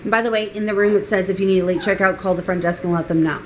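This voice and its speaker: A young woman vlogging, retelling a bad weekend in an animated, exasperated way. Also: medium pitch, racing, a little hiss or hum, poor audio. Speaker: mom vlogger. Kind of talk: casual storytime vlog.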